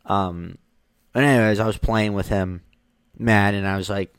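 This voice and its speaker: Low-voiced man telling rambling stories. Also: steady tone, smooth, dry recording, studio quality. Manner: rambling, halting, with many restarts. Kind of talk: casual storytelling monologue.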